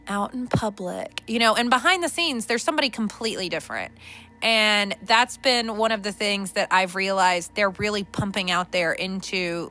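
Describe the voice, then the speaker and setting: A woman's voice: medium pitch, sharp tone. A woman hosting a podcast, ranting bluntly and profanely with lots of restarts. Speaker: podcast host. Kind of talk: unscripted spiritual rant. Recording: faint background music.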